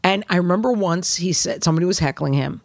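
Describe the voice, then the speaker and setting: A middle-aged woman comedian chatting casually, telling stories in a brash, animated way and swearing freely. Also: lowish voice, fast talker, no room sound, studio quality. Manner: brash, animated storytelling with profanity. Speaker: comedian guest. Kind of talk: casual chat.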